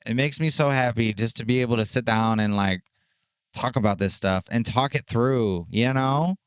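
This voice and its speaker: A man in his thirties hosting a solo podcast, talking in a slow, drawn-out and self-affirming way, full of sassy slang and swearing. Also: medium pitch, clean tone, dry recording. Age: 30s. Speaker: podcast host. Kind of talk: casual solo podcast monologue.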